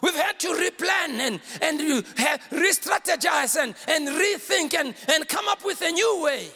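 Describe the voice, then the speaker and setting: A male pastor delivering a fiery sermon, often shouting and calling on the congregation to answer back. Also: very high voice, expressive, a little slow, gravelly, in a large hall. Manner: fiery preaching with shouted call-and-response.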